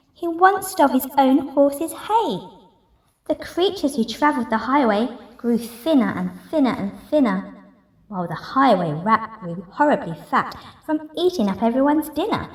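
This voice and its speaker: A woman reading a picture book aloud in an expressive, rhythmic way. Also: sits high. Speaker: masked story reader. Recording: roomy echo, distant mic.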